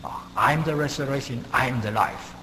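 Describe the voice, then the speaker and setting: A man preaching a sermon, halting with many fillers and non-native grammar, leaping up in pitch and volume for emphasis. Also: pushed and bright. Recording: long hall reverb, faint hum.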